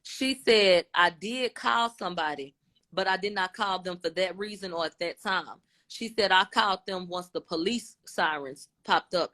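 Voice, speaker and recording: A woman radio host recounting court testimony in casual talk, quoting each question and answer. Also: lowish voice. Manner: retells a dialogue, quotes each question and answer in a lively tone.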